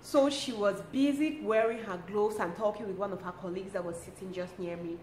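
A young woman, telling a personal story to her vlog audience in a lively, expressive way and laughing often. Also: medium pitch, fairly quick. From Cameroon. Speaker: lifestyle vlogger. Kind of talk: casual storytelling to camera. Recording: roomy with faint ambient noise.

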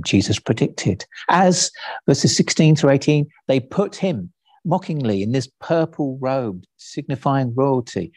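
Male pastor, slow sermon, mellow dark voice, dry close sound. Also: mid-range voice, husky, no echo. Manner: slow, deliberate preaching with dramatic quoted lines. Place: church.

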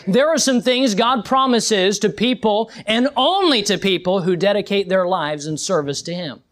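High-voiced preacher. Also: male voice, moderate pace, hardly any pauses. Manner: rises to fervent peaks, drops to quiet reflection. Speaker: pastor. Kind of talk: sermon.

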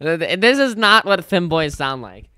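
Young woman gaming streamer; bright tone, casual rambling chat, light music behind. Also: on the low side, very animated, moderate pace. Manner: rambling, self-interrupting, chatty. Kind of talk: casual gameplay commentary.

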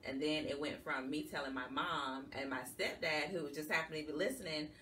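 Earnest low-voiced woman. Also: moderate pace, sharp tone. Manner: earnest, emotional, conversational. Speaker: guest, support group founder. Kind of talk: personal testimony in an interview. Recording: somewhat distant mic with faint background noise.

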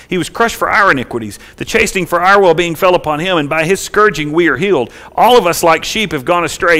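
A man pastor preaching a sermon, swelling loud and high at the peaks and dropping quiet and slow in the tender parts. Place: church sanctuary.

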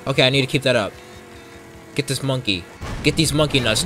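A young man commentating his racing game run in casual talk, profane and excitable, jumping from yells to low mutters. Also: a little fast, pauses often, soft background music. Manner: profane, excitable, swings between shouting and muttering. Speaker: gameplay commentator. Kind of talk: casual let's play commentary.

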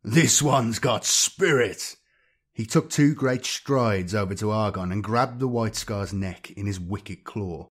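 Male audiobook narrator for sci-fi fiction, low husky voice, steady delivery. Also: a little slow, hardly any pauses.

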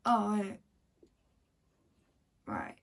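A woman's voice: mid-range voice, huge pitch swings, extremely slow, gravelly, fairly bright tone. A woman vlogger thinking aloud as she plays a video game, muttering to herself in casual commentary. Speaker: gameplay vlogger.

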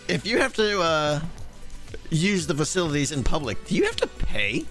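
A man in a casual podcast chat, quick to agree with the others and full of playful questions. His voice is bright and his pitch moves around a lot, with faint music in the background. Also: big pitch swings. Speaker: podcast co-host.

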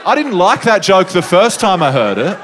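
Laid-back stand-up comedian telling stories. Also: male voice, high voice, normal speed, a crowd in the background, background noise. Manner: laid-back storyteller with lively asides. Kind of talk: stand-up storytelling. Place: comedy stage before a live audience.

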